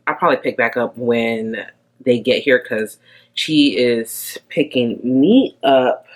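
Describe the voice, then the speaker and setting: A young woman chatting casually to camera in a vlog, rambling and laughing often. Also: very deep voice. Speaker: beauty vlogger.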